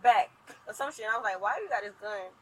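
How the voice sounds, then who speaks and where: A woman rapidly retelling events to a police officer, animated, acting out what others said. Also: mid-range voice, breathy edge, rough recording. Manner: rapid, animated storytelling with quoted dialogue. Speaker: complainant talking to police. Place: outdoors at an impound lot. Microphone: police bodycam.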